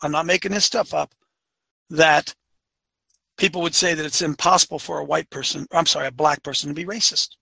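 Fiery high-pitched gravelly man ranting. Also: steady tone, a little fast, bright, forceful tone, dry recording. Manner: fiery, rhetorical, hammering questions; repeats phrases for emphasis. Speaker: commentary show host. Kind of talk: opinionated monologue.

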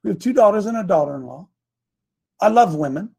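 A man's voice: high-pitched, lively intonation, fairly quick, gravelly, darkish tone, slightly rough. An older man hosting a talk show, speaking in an emphatic, fired-up, preachy way.

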